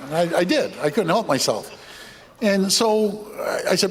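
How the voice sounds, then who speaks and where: A politician telling an animated anecdote at an event, laughing as he goes. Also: high voice, measured pace, slight background noise. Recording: echoey hall, heard from a distance.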